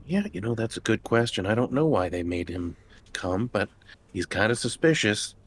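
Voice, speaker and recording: A man's voice: lowish voice, animated, moderate pace. A man playing in a tabletop role-playing game, talking in a laid-back way. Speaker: player. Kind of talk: casual tabletop game play.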